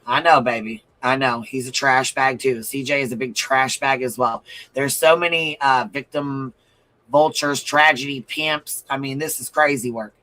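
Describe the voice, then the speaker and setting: A man's voice: medium pitch, fairly even intonation, moderate pace, bright, forceful tone, low-quality recording. Blunt, profane male stream commentator. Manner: blunt, profane and emphatic, repeating phrases. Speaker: livestream commentator. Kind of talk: livestream commentary reading viewer comments.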